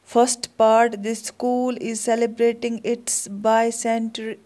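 A woman teacher slowly and patiently explaining English vocabulary exercises word by word. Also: fairly high pitch, little pitch movement, mellow.

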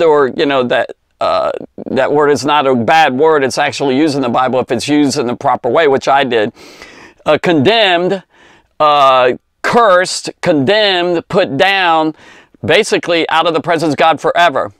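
A man teaching a Bible story to kids in a rambling, conversational way, full of fillers and asides, slowing down to stress key words. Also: on the high side, fairly bright tone, no echo, studio quality. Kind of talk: informal Bible lesson for children.

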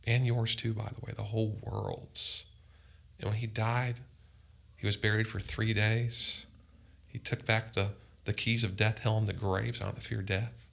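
A man's voice: fairly low pitch, steady tone, normal speed, vocal fry, a bit bright. A man, a pastor, telling earnest personal testimony in a podcast conversation. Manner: earnest, impassioned storytelling.

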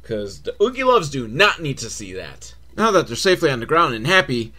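A man's voice: mid-range voice, sing-song, a little fast, pushed and bright. A man hosting a comedy podcast, recapping a children's movie with sarcastic, mocking commentary and sing-song mimicry. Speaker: podcast host.

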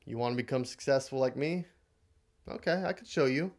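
A man's voice: mid-range voice, a little fast, a little mellow, natural voice. A man voicing a stern, cigar-smoking older rich man who gives blunt commands in a storytold lesson. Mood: commanding.

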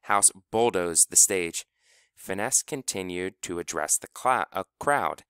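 A male audiobook narrator with a fairly low, smooth, resonant voice. He reads with lively, rising and falling expression, close to the mic in a dry room. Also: unhurried, dry recording. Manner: lively storytelling, acts out characters. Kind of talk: scripted narration.

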